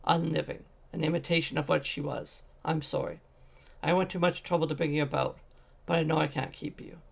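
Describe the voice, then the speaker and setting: A man's voice: on the high side, fairly even intonation, a little fast, gravelly, slightly rough, heavily acted. A man voicing a grieving, grizzled old male wizard in a fan audiobook reading. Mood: sorrowful.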